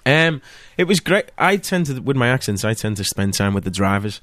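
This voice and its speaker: A man with a Liverpool accent, an actor chatting as a guest and telling stories with lively energy. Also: medium pitch, no room sound. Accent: Liverpool (Scouse). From Liverpool, England. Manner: animated storyteller, quick to laugh. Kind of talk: casual interview chat.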